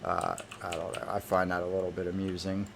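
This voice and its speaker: A man's voice: deep voice, monotone, brisk, gravelly, noisy background. A man giving gameplay commentary, irritated and cursing heavily as he plays. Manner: irritated, heavily profane ranting. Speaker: gamer.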